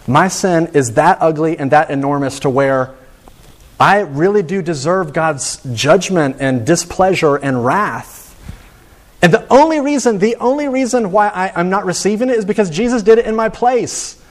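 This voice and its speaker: A man's voice: high-pitched, animated, moderate pace. A man preaching a sermon in an earnest, emphatic way, often repeating words as he presses a point.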